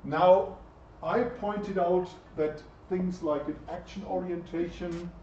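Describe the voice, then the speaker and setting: A man's voice: high voice, fairly even intonation, slow, darkish tone, a little hiss or hum. A man giving a chatty university lecture and putting questions to the class. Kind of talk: interactive lecture. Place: lecture room. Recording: echoey, distant, dull lecture-room recording.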